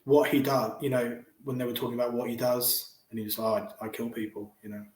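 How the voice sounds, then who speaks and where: A man's voice: mid-range voice, fairly even intonation, a little fast, echoey room, low-quality recording. A man casually retelling movie scenes, often saying "you know". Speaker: podcast co-host.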